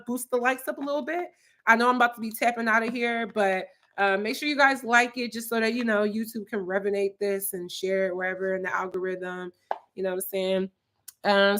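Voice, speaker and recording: A woman in her twenties from Philadelphia hosts a YouTube livestream from her apartment, reading viewer comments aloud. Her voice is a little high and a bit bright, and she chats loosely and rambles, saying "like" and "um" a lot.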